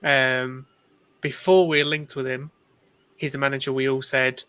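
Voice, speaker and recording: A man speaks as a guest on a casual fan stream in a blunt, resigned way. His voice is extremely flat in pitch, with a bright, sharp tone. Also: measured pace, clear, resonant tone, dry recording. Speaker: guest panelist. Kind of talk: casual live-stream chat.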